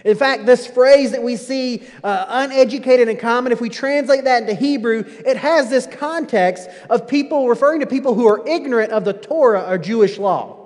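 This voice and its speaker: A man preaching a sermon, emphatic and full of rhetorical questions, often dropping low at the ends of phrases. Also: moderate pace, few pauses, a little mellow. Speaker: pastor. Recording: long hall reverb.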